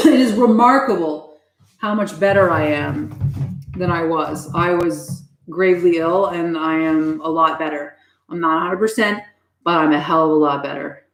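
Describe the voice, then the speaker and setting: Winded woman rambling on her stream, swears a lot, kinda low voice, echoey room. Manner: swearing, chatty, stumbling restarts. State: out of breath. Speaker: livestream host. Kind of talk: casual livestream chat.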